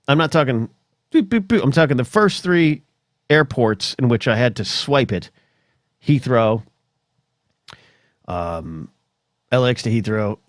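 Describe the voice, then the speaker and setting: A man's voice: medium pitch, no echo, clean studio sound. Rambling middle-aged man. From United States. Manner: rambling, chatty storytelling with many asides. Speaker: podcast host. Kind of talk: solo rambling podcast monologue.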